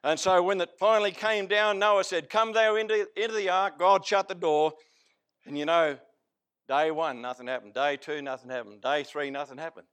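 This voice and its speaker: A man with an Australian accent preaching a sermon in a folksy, storytelling way, swinging between loud outbursts and hushed lines. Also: a little high, fairly even intonation, moderate pace.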